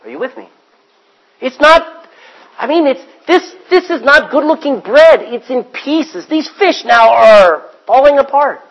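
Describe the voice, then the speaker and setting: A man preaching a sermon as pastor, swinging from hushed asides to loud acted-out quotes. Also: extremely high pitch, animated, measured pace, muffled recording.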